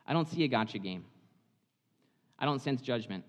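Male preacher, conversational and animated, mid pitch; long hall reverb. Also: a little fast, long pauses. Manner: animated, chatty, dramatizing the story. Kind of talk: sermon, conversational Bible storytelling.

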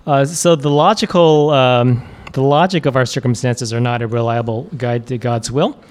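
A man's voice: mid-range voice, steady tone, normal speed, a little mellow. A man preacher giving a casual, conversational sermon, chuckling often and using many fillers.

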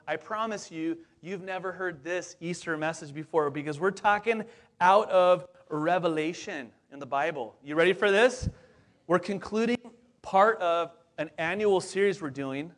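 Fairly high in pitch, a lead pastor in his forties gives a casual sermon. He's chatty and upbeat, talking straight to the congregation and sprinkling in fillers and asides.

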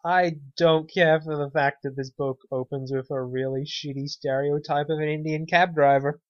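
This podcast co-host speaks at normal speed in a fairly high voice with fairly even intonation and no echo. His casual conversation is wry and sarcastic, often breaking off and restarting, recorded as dull, dry lo-fi audio.

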